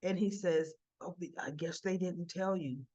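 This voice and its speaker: A woman's voice: on the low side, normal speed, mellow, slightly rough, lo-fi sound. Chatty woman recapping a soap opera. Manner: chatty, acts out quotes with fillers and asides. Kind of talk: casual spoken recap.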